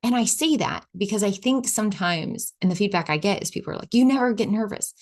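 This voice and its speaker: Brisk and lively in intonation, this woman's medium-pitched voice carries her solo podcast. She chats in a casual, reflective manner, drops "like" often, and acts out quoted inner voices.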